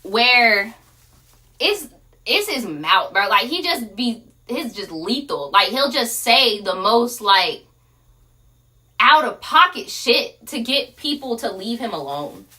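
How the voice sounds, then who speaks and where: Bright-voiced young woman telling a story. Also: on the high side, slow. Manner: animated, profane slang-heavy storytelling. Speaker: streamer. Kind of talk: casual storytime chat.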